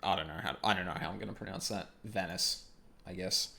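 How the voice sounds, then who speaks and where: A man's voice: sits low, steady tone, fast talker, creaky, pushed and bright. A man streaming a game, making sarcastic, joking asides while reading the story aloud. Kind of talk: casual let's-play commentary.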